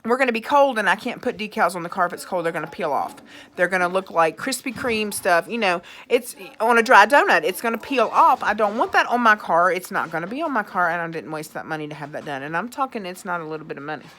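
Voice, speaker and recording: A woman's voice: fairly low pitch, expressive, fast talker, pushed and bright, a little hiss or hum. A woman, ranting angrily in a vlog, swearing and sarcastic as she reads out her own texts. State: angry. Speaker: vlogger. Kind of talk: angry rant reading out texts.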